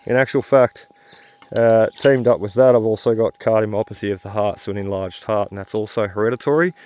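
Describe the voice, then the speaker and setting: A tired man hosting a metal detecting video, talking in a halting, rambling way full of fillers while he searches outdoors. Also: on the low side, darkish tone. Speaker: metal detecting channel host. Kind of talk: rambling casual vlog talk while detecting.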